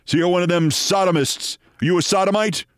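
A man playing a hateful male radio talk host who shouts insults with contempt. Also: high voice, sing-song, a little fast, no echo, clean studio sound, pitched above the performer's own voice. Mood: contemptuous.

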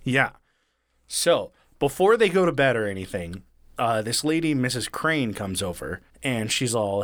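A man's voice: mid-range voice, big pitch swings, measured pace, a bit bright, no echo, clean studio sound. A man retelling a story in casual, profane chat, acting out the lines of the people in it. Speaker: podcast co-host retelling a true story.

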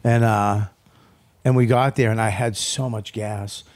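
A man's voice: on the low side, steady tone, a little slow, a little mellow. A man in casual podcast chat, telling loose, profane anecdotes with frequent laughter. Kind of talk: casual crude storytelling.

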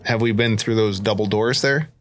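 A man with a lowish voice plays a tabletop game in an easy, joking manner. He tosses out offhand quips between questions. Faint music sits quietly behind him. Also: moderate pace. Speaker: player. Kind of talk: casual tabletop game chat.

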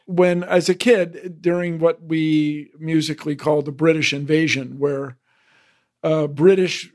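American guy hosting, kinda high voice, winding musing question. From United States. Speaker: podcast host. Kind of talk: conversational interview question.

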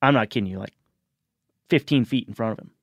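A man's voice: mid-range voice, fast talker, gravelly, no echo, muffled recording. A man in casual conversation, telling an anecdote and quoting others as he goes. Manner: storytelling, quotes others in lively bits.

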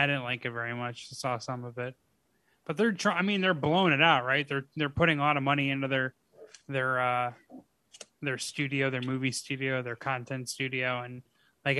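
A man's voice: medium pitch, steady tone, a little fast, pushed and bright, smooth, no echo. A man co-hosting a podcast, joking and swearing in loose casual chat with many fillers. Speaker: podcast co-host.

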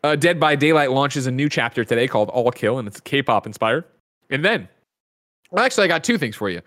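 A man's voice: mid-range voice, expressive, a little fast, fairly bright tone. A man hosting a casual gaming news show, rattling off release lists with joking asides. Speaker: show host. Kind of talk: casual chat and news roundup.

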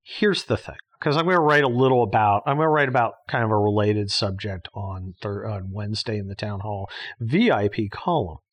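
A man's voice: fairly low pitch, brisk. A man hosting a podcast in a casual monologue, talking bluntly and sarcastically, swearing often and restarting his sentences. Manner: blunt, sarcastic, profane ranting with frequent restarts. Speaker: podcast host.

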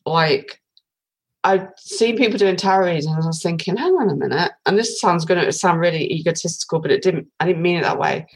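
A woman from Britain in her forties tells a long story as a podcast guest, full of ums and restarts. Her voice sits a little low. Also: fairly quick, husky, poor audio. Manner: chatty storytelling with many fillers. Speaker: guest, tarot reader. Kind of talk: casual podcast interview.

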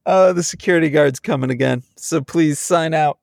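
A man's voice: fairly high pitch, moderate pace, gravelly, dry recording, clean studio sound. A man co-hosting a podcast over a remote call from inside his parked car, teasing and laughing. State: dehydrated. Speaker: podcast co-host. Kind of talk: casual chat.

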